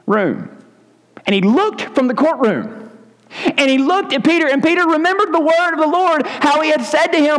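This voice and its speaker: A male pastor with a high-pitched voice preaches in a church sanctuary, his words trailing into a long reverb. He retells scripture as vivid, dramatic storytelling.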